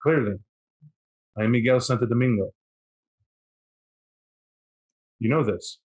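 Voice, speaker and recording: A man's voice: medium pitch, brisk, darkish tone, close to an everyday voice, rough recording. A man voicing a proud, pompous male vampire in a tabletop game who declares his own importance. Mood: troubled, pompous.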